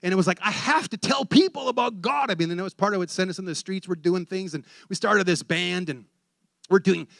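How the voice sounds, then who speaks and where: A man preaching, telling a story with excitable energy and acting out the voices in it. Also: sits high, fast, vocal fry, no echo. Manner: animated, excitable storyteller who acts out voices. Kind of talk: sermon storytelling.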